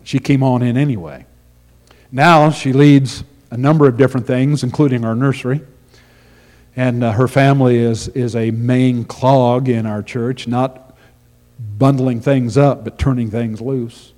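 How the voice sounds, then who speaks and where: A man's voice: mid-range voice, steady tone, measured pace, darkish tone, long reverb tail. A man preaching a sermon with earnest storytelling, often repeating his words as he goes. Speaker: pastor.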